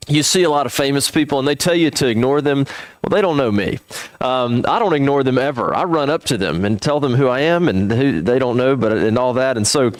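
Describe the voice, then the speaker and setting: A man's voice: mid-range voice, lively intonation, a little fast, no echo. A man, speaking at a church seminar and telling a humorous, self-deprecating story with lots of restarts.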